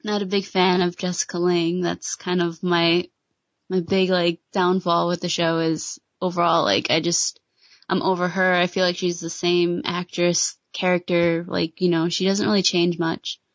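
Woman, lowish voice, casual chat, hedging fillers, dry, dull lo-fi sound. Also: level tone, moderate pace, no echo.

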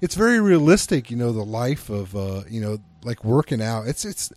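Man, chatty enthusiastic podcast co-host, mid-pitched voice, dry close sound. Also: animated, a little mellow, dry recording. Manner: chatty, enthusiastic, quick to laugh. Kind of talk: casual chat about a film.

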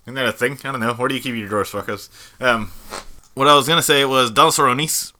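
A man's voice: mid-range voice, quick pace, sharp tone. A man co-hosting a podcast, tossing in blunt, sarcastic remarks in casual chat. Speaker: podcast co-host. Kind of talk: casual chat about fighting sports.

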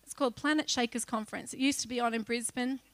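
Bright high-voiced woman preaching. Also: steady tone, fast, no echo. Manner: emotional storytelling that breaks into loud pleading re-enactments. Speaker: church speaker giving testimony. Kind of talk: personal testimony sermon.

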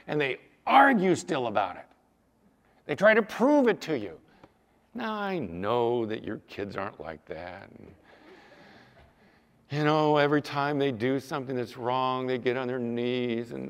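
A male pastor preaching a sermon, animated, sometimes mimicking whiny apologies in a raised voice. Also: medium pitch, a little slow, creaky. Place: church sanctuary. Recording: long church reverb.

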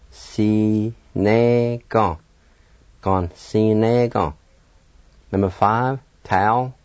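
A man's voice: fairly low pitch, no room sound. A man teaching a radio language lesson, patiently spelling words letter by letter and encouraging learners. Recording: dull, dry lo-fi radio sound.

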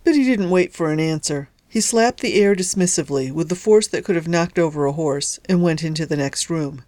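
A woman author narrating her own novella in a lively, lightly humorous storytelling manner. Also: low voice, a little fast, no echo. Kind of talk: scripted narration of a serialized story.

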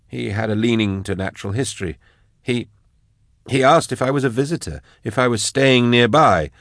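A man's voice: medium pitch, moderate pace, a bit bright, no echo, studio quality, voice pushed up, close to an everyday voice. A man voicing a shaken older male scholar who hesitates and gropes for words. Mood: uneasy.

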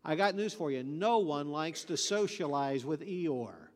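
A man's voice: fairly high pitch, lively intonation, unhurried, darkish tone, in a large hall. A man preaching a sermon, telling folksy stories and joking, then hammering points home with emphatic repetition. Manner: folksy storytelling with joke delivery.

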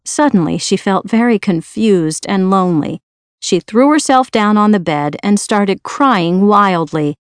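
A woman narrates a storybook in a clear, even reading voice, taking her time with each sentence. Her pitch sits in the middle range. The recording is dry and close, with no echo around it. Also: unhurried. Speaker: audiobook reader.

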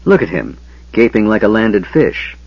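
A man voicing a cruel, irritable male dragon highlord who speaks in a snarling, caustic way, in an audiobook reading. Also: very animated, moderate pace, slightly rough, dry recording, exaggerated voice. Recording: dull lo-fi audio.

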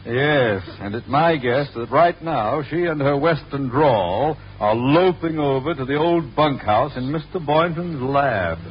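A man's voice: mid-range voice, expressive, measured pace, hardly any pauses, lightly acted. An actor playing a formal, self-assured male school staffer in a 1950s radio sitcom, heard in a dull old radio broadcast with faint hiss. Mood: dry.

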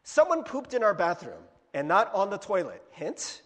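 Lively high-voiced pastor in a reverberant hall. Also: male voice, normal speed. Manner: casual, chatty, asks the audience questions, laughs often. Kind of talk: conversational sermon. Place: church hall with a projector.

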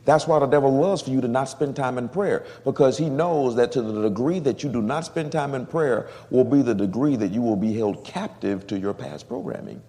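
A man pastor teaching a sermon, reading scripture slowly and stressing key words. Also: mid-range voice, warm tone, big-room sound.

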